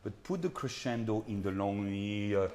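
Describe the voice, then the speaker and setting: Earnest conductor coaching singers in a hall. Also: male voice, on the low side, lively intonation, normal speed, warm tone. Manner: earnest, repetitive coaching with frequent tag questions. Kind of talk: master class coaching. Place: concert hall. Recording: hall reverb with faint background noise.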